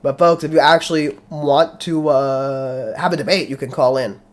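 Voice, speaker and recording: A male host runs a live call-in debate, cutting in bluntly and swearing often. His voice sits a little high, and he presses his points hard. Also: normal speed. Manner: heated, blunt, profane arguing.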